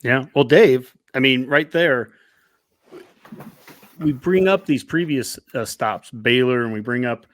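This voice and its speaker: A man's voice: mid-range voice, takes it slowly, fairly bright tone, a little hiss or hum. A man hosting a sports podcast in casual chat, posing laid-back leading questions.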